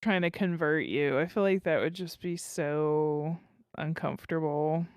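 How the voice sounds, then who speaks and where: Slow-talking, smooth-voiced woman podcast co-host. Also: low voice, a little mellow, no echo, studio quality. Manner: laughs often, short reactions. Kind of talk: casual chat.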